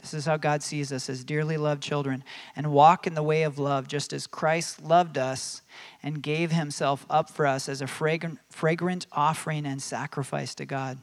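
A man with a slightly higher voice preaches a sermon in a loose, conversational way. He fills his talk with fillers and restarts, and acts out quoted voices with animation. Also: flat delivery, moderate pace.

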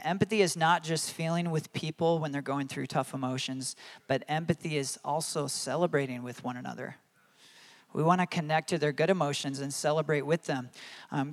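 A male pastor in his thirties delivering a sermon in an earnest, conversational way. His voice sits a little higher than most men's. He often laughs as he tells his stories.

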